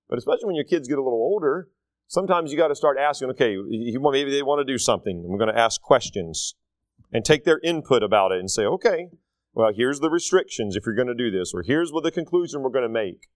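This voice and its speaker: A man's voice: medium pitch, expressive, quick pace, no echo, clean studio sound. A middle-aged man preaching a sermon in a church, conversational and full of rhetorical questions to the congregation. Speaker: pastor.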